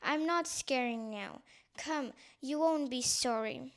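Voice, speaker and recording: A woman voicing a small, kindly night bird in a storybook that scares mice, with a high, hooting voice. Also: takes it slowly.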